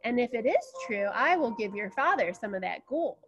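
A woman voicing a stern, boastful male king in a children's story, in a lowered, commanding voice. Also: big pitch swings, moderate pace, highs cut off, faint music behind.

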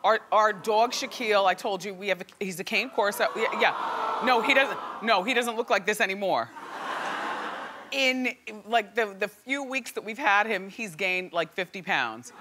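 A woman hosting a talk show, chatting and gossiping to a live studio audience with lively exclamations. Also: mid-range voice, a little hiss or hum.

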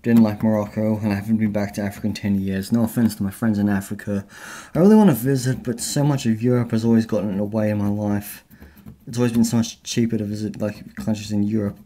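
A man's voice: fairly low pitch, warm tone. A man vlogging casually as he scratches off a map, rambling and chatty with lots of fillers. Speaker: travel vlogger.

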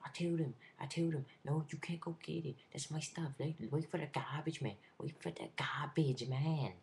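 A man voicing a cranky male shopkeeper who rants and shouts at customers, with a put-on accent. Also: mid-range voice, takes it slowly, echoey room, slight background noise, voice pushed up. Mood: complaining. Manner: ranting, shouting, repeats himself.

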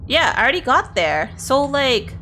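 Lively swearing woman streamer. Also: sits high, normal speed, slight background noise. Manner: chatty, swears a lot, talks to herself and chat. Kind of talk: casual gameplay commentary.

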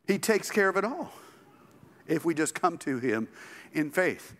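Male preacher, high-pitched and emphatic, sermon with a long church-hall reverb. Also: measured pace, pauses often. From Southern United States. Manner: animated, emphatic preaching with joking asides. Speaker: pastor. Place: church sanctuary.

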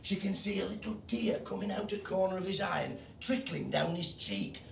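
An actor playing a coarse working-class gravedigger, trading gruff, crude banter on location. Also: male voice, sits high, lively intonation, normal speed, a little hiss or hum, full character voice. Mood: joke-telling. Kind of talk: film acting. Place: outdoors on location. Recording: echoey location sound from a distance.

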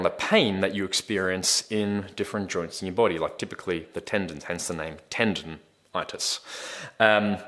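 A man, a fitness coach, answering viewer questions in a casual, explanatory way, with frequent ums and repeated words. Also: on the low side.

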